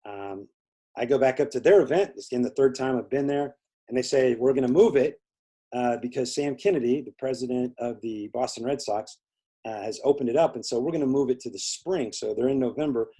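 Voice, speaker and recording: A man's voice: medium pitch, a little fast, dark tone, husky. A man being interviewed, telling a long story in casual conversation, rambling with many fillers and acting out the people he quotes. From Indiana. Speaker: interview guest.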